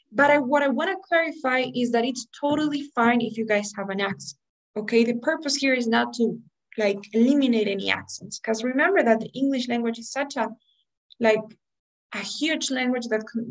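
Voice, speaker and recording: High-voiced woman teaching a class. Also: rough recording. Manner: explanatory, asks "right?" often. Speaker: English test prep teacher. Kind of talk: online class lecture.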